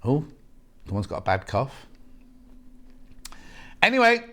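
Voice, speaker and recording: A man hosting a live shopping channel, chatty and jokey and quick to laugh. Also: mid-range voice, huge pitch swings, sharp tone.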